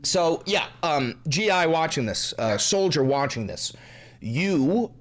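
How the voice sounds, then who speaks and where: A man hosting ranting political commentary, profane, angry and sarcastic, dropping to low asides and then shouting. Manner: swings between low asides and raised shouting.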